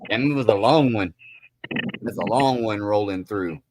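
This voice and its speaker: A man's voice: fairly low pitch, normal speed, noisy background. A man chatting casually as a guest on a stream, easygoing and repeating his advice. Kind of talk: casual chat.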